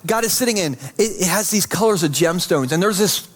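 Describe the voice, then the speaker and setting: A man preaching as pastor, casual and chatty, dropping low and slow each time he repeats "holy.". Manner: repeats "holy" softly and slowly, chatty asides. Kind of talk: sermon.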